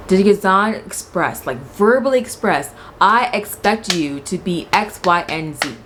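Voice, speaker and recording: A young woman with a low voice talks through a reality show in a casual vlog. She is blunt and swears freely, acting out what the people said. Faint background noise sits under the voice. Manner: animated, blunt and profane, acts out quotes. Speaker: reality TV reviewer.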